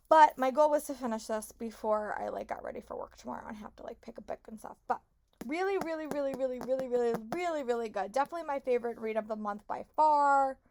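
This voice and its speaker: A young woman talking casually in a reading vlog, gushing and repeating herself, her voice hoarse and congested. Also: fairly high pitch, quick pace, a little mellow, a little hiss or hum. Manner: gushing, lots of "like" and repeated "really". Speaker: book vlogger.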